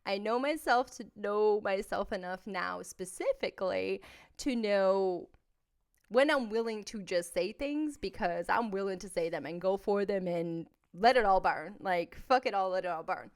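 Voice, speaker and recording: Woman podcast host, mid-pitched, blunt, confessional storyteller. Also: moderate pace, clear, resonant tone. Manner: candid, blunt, emphatic, swings between soft and loud. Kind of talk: personal storytelling monologue.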